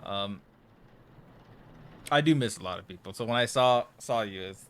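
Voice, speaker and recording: A man's voice: on the low side, moderate pace, long pauses, fairly bright tone, clean tone. A young man casually chatting to viewers while playing a horror game live, jittery and nervous, often trailing off into mumbles. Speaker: livestreamer.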